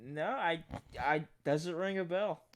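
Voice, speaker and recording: A young man with a slightly higher voice chats loosely on a podcast, hesitating and filling gaps with "um." His tone stays laid-back. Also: slow pace. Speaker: podcast co-host. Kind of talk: casual chat.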